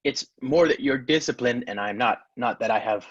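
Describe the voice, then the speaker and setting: A man's voice: medium pitch, normal speed, no room sound, muffled recording. Playful mock-formal man on a call. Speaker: conference speaker. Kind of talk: casual banter.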